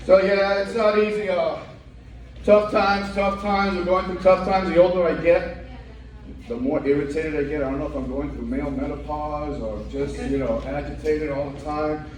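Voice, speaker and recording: A man's voice: fairly high pitch, steady tone, moderate pace, a little mellow, slight background noise. A middle-aged man doing wry stand-up comedy, asking the crowd rhetorical questions on a club stage. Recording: echoey club from far off.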